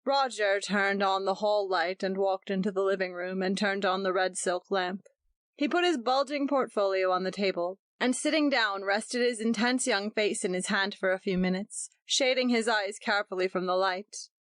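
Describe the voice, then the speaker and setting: A woman giving a measured, even scripted narration of a story. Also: mid-range voice, no room sound, clean studio sound. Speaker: audiobook narrator.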